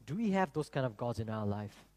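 A man preaching a sermon to his congregation, animated and rhetorical, asking them questions. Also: mid-range voice, a little fast. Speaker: pastor. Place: church.

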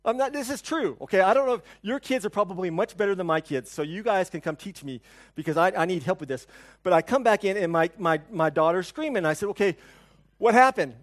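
A male pastor giving a conversational sermon, telling stories, asking the congregation questions, and swinging between soft and loud. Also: high-pitched, expressive, quick pace. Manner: storytelling, asks the congregation questions.

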